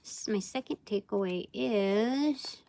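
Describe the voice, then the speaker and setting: A woman's voice: medium pitch, slow pace, creaky, mellow. A woman giving a casual live tarot reading, rambling and thinking aloud with many fillers. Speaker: tarot reader.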